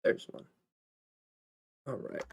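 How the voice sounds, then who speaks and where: A man's voice: takes it slowly, a little mellow. A man chatting in a casual solo vlog at home, rambling playfully with asides to viewers while he waits around. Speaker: vlogger and actor. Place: at home, indoors.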